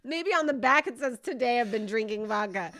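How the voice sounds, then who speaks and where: A woman's voice: a little high, lively intonation, a little fast, a bit bright. A woman in her thirties chatting casually as a podcast co-host about a movie, giggly and prone to laughing until she tears up. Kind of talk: casual chat reviewing a movie.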